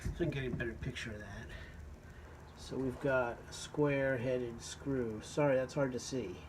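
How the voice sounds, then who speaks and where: Sitting on the porch at home, a man describes a vintage fan from his collection in a steady, mid-range voice at normal speed. He talks casually, wandering and hesitant, with many fillers, and background noise can be heard.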